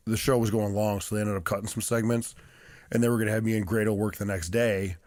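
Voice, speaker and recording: A man's voice: on the low side, flat delivery, fast talker, darkish tone, no room sound. A young man co-hosting a podcast in casual chat, loose and profane, laughing often and filling his talk with "like.". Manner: loose, profane, laughs a lot, many filler "like"s. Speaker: podcast co-host, pro wrestler. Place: podcast studio.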